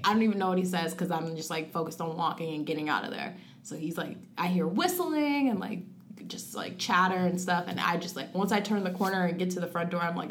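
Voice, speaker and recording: A young woman telling a personal story in a casual conversation, filling it with "like" and quoting her own thoughts, rushing some phrases and slowing on others. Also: lowish voice, a little hiss or hum. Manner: frequent "like" fillers, acts out her own past thoughts in quotes; rushes through phrases, then slows on key words. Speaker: guest sharing a personal story.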